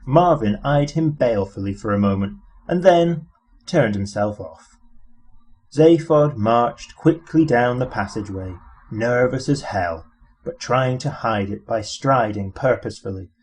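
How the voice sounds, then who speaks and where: A man reading an audiobook in a measured, dry storytelling manner. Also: medium pitch, lively intonation, a little mellow, husky. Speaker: audiobook reader. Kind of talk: audiobook narration.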